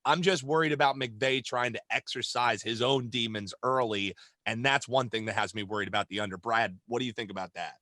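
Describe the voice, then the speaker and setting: A man co-hosting a sports betting podcast, explaining his concerns in casual chat. His voice is bright and tense at a middle pitch. The recording is close and dry. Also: fairly even intonation, brisk, dry recording. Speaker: podcast co-host.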